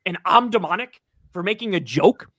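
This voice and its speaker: High-pitched man ranting, profane and emphatic. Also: animated, normal speed, a bit bright, no echo, studio quality. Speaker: political commentator. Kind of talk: heated casual podcast chat.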